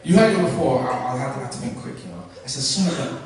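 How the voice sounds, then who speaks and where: A man performing slangy, animated stand-up storytelling with asides to the crowd. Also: medium pitch, racing. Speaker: stand-up comedian. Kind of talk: stand-up routine. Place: comedy show stage. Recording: echoey live venue, distant mic, loud crowd. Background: audience laughter and noise.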